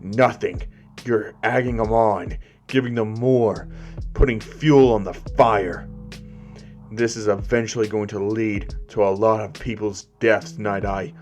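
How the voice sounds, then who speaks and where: A man voicing a furious older hero who accuses and shouts in a fan-made story. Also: on the low side, steady tone, unhurried, soft background music, lightly acted. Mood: angry. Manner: angry, accusing.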